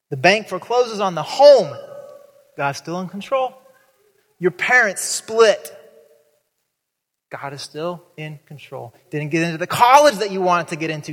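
A man preaching a sermon as pastor, animated, acting out the voices in the story with big jumps in pitch. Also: a little slow, pauses often, big-room sound.

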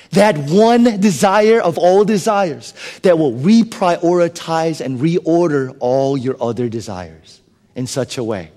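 A man preaching a sermon, swinging between loud emphatic bursts and hushed, whispered asides. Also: a little high, in a large hall. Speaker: pastor.

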